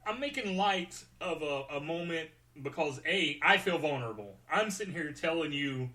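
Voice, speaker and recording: A man's voice: on the high side, expressive, normal speed, sharp tone. A man hosting a show, talking candidly about his feelings and joking at his own expense while close to tears. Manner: candid, joking, self-deprecating. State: tearful. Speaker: podcast host. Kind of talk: personal monologue.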